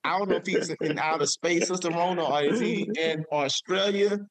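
A man's voice: sits high, normal speed. A man hosting a live show, emotional and preacher-like, repeating his phrases for emphasis. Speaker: show host.

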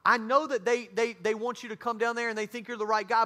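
A man's voice: very high-pitched, fast talker, few pauses. A man, a student ministry pastor, telling a personal story in a sermon and acting out the other people in it. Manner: animated, acts out the voices of others in his story.

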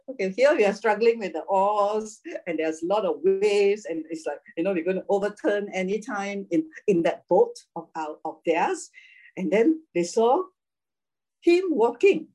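A woman leads a casual Bible class. Her voice is mellow and a little husky. She talks in a chatty way, laughs a lot and keeps tagging her points with "right?". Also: medium pitch, poor audio.

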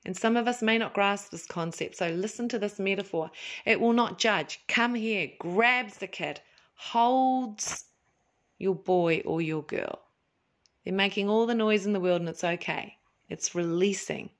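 A woman with an or lilt gives a spiritual talk in an unhurried, soothing manner. Her voice sits in an ordinary middle register, and she slips into playful asides now and then. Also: mid-range voice. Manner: gentle, slow and soothing, with acted-out asides. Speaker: podcast host.

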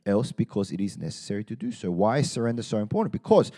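Animated Australian male pastor. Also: fairly low pitch, quick pace. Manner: animated, joking storytelling with laughs. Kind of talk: sermon.

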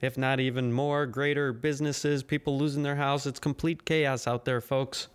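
A man's voice: mid-range voice, fairly even intonation, normal speed, clean tone. Male solo podcast host, sarcastic and crude, rambling and caffeinated. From United States.

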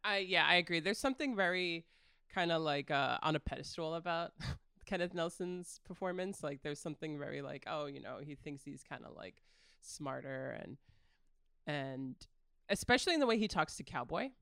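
A podcast co-host chatting casually about films, with lots of "like" and "kinda" and some gentle teasing. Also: medium pitch, lively intonation, normal speed, smooth, no echo, studio quality. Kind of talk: casual film discussion.

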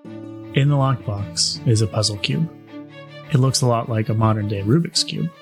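A man's voice: fairly low pitch, moderate pace, over music. Male game master, wry, easygoing narration of a tabletop session.

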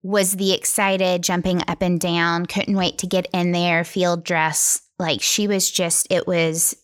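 A woman's voice: on the low side, level tone, a little slow. A middle-aged woman talking in a casual conversation, earnest and thoughtful, explaining things in long run-on sentences.

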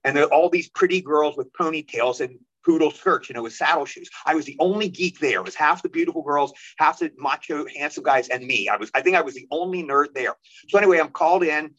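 A man telling stories as an interview guest, lively and quick, acting out the voices of the people he quotes. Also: a little high, highs cut off. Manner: animated, rapid storyteller who acts out quoted voices. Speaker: guest actor. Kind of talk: storytelling interview.

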